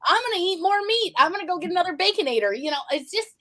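Animated high-voiced woman guest. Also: racing. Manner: animated, blunt storyteller. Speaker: interview guest. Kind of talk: casual interview chat.

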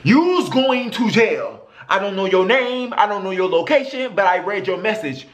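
A very animated man goes through viewer confessions in a laid-back reaction vlog, cursing freely and veering between squeals and quiet mutters. He talks at a moderate pace with barely any pauses, and the room he's in is echoey.

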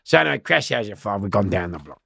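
A middle-aged man with a heavily gravelly voice that swings widely up and down as he tells his story. He swears freely and acts out other people's lines. The sound is close and dry, with no room behind him. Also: on the low side, big pitch swings, rapid-fire, pushed and bright, no echo. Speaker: interview guest. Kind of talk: animated storytelling.

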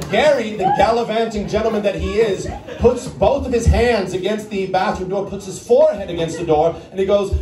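A man with an American accent telling a long story on stage as a stand-up comedian, chatty and conversational, often tagging lines with "right?". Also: high voice. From Netherlands. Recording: echoey room, from far off, crowd. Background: audience laughter.

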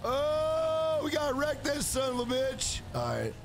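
Profane, excitable male game streamer. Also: extremely high pitch, normal speed, vocal fry. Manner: profane, excitable trash talk at the screen; greets and thanks chat viewers. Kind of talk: live-streamed gameplay commentary. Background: game music.

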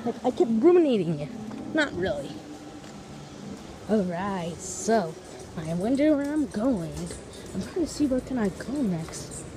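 A woman's voice: medium pitch, sing-song, a little slow, pauses often, noisy background. A woman vlogging while walking outdoors, chatting to viewers and piling on big vocabulary words. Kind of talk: casual walking vlog. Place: outdoors on streets and in a park.

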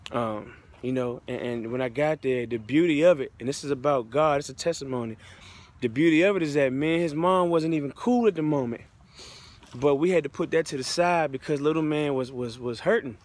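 An American motivational speaker with a brisk, slightly mellow voice on the high side tells his own testimony. His storytelling is casual and heartfelt, full of loose slang.

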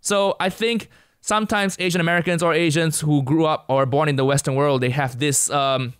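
A man's voice: a little high, steady tone, fairly quick, fairly bright tone, clean tone, no room sound, studio quality. A young man from Asia, a comedian and guest on a casual podcast, laying out his view point by point. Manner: lays out his argument point by point.

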